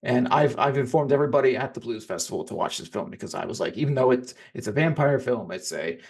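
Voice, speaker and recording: Quick gravelly guy rambling about movies, lots of restarts. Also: medium pitch, animated, darkish tone. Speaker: podcast co-host. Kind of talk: casual chat.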